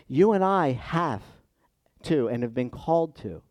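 A middle-aged man preaching in a conversational way, rising to loud emphatic peaks and dropping to quiet asides. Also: mid-range voice, animated, measured pace, dry recording. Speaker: pastor. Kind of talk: sermon.

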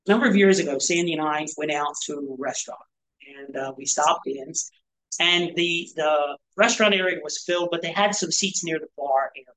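A man delivers a sermon in an easy, conversational way, as a pastor addressing a small church group. He keeps checking in with the room through rhetorical questions and quick tags like "right?", and moves between teaching and personal asides. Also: on the high side, bright, forceful tone, poor audio. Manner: rhetorical questions, frequent "right?" and "you know". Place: church gathering.

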